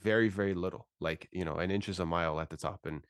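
A man's voice: low voice, quick pace, smooth, dry recording, clean studio sound. A man hosting a casual podcast, laid-back and chatty, congested and fighting phlegm. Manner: laid-back, says "bro" a lot. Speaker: podcast host.

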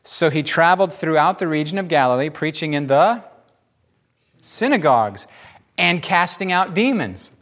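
A male pastor gives a relaxed, humorous sermon. His voice sits a little high and leaps around with lively emphasis, and he acts out the lines of the people in the scripture he reads. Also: moderate pace. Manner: animated, jokey, acts out voices. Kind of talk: casual sermon teaching.

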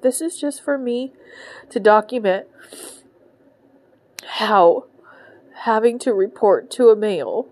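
Tearful swearing woman in her thirties. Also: mid-range voice. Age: 30s. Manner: emotional, swears constantly, frustrated. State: on the verge of tears. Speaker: podcast host. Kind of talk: personal venting monologue. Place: in bed at home.

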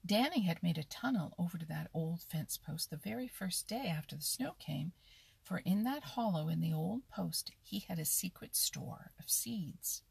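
Woman, storybook narrator, slow, husky, gravelly, dry close mic. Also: fairly low pitch, dry recording. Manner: expressive, slow, lively storytelling. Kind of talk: storybook reading.

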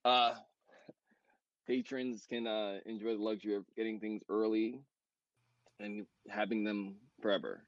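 A man in casual podcast chat about his brand, rambling with many fillers and quick self-corrections. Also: fairly low pitch, fairly even intonation, no room sound, dull audio. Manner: talks fast. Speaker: co-founder of a clothing brand.

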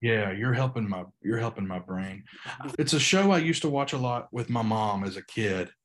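A young man, a pastor and podcast guest, talking earnestly in casual interview chat, halting with frequent restarts. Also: on the low side, expressive, fairly bright tone.

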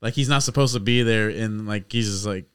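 A man's voice: on the low side, brisk, a bit bright, smooth. A young man co-hosting a podcast, chatting casually with jokes and some swearing. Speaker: podcast co-host. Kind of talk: casual chat.

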